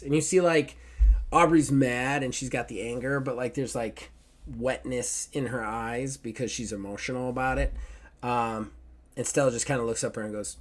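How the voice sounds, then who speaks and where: A man running a tabletop game as game master, narrating scenes in a jokey, animated way. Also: medium pitch, moderate pace.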